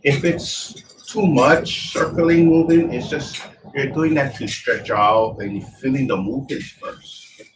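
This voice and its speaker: A man's voice: mid-range voice, steady tone, a little slow. A man teaching a tai chi lesson, talking in loose, broken phrases as he demonstrates the moves. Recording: distant mic with faint background noise.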